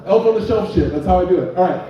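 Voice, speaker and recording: A man's voice: high voice, lively intonation, rapid-fire, very echoey, distant mic, dull audio. A young man hosting a bar comedy night and doing stand-up, loose and joking, chatting with the crowd. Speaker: comedy show host and stand-up comic.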